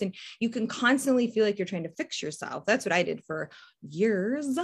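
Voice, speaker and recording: A woman's voice: a little high, big pitch swings, a little fast, slightly rough. A woman hosting a faith-based podcast in a casual, rambling way, full of restarts and small laughs. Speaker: podcast host and faith coach. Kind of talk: casual solo podcast talk.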